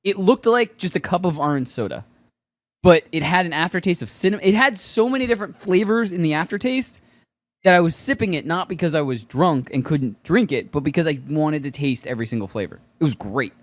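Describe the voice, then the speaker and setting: A man co-hosting a casual pop culture podcast, telling stories with lots of laughter and excitement. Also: a little high, a little fast, no room sound. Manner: excitable storyteller, laughs often. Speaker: podcast co-host. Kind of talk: casual chat.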